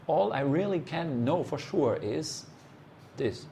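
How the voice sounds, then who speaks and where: A man giving a meditation talk as a teacher, speaking in short, unhurried phrases and putting direct, challenging questions to the listener. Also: fairly high pitch, expressive, vocal fry, mellow, slight background noise.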